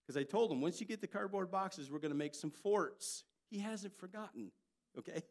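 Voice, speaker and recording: An older man, a pastor, preaching a sermon and telling family stories with lively jumps in loudness. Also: high-pitched, moderate pace. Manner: storytelling, animated delivery with jumps in loudness.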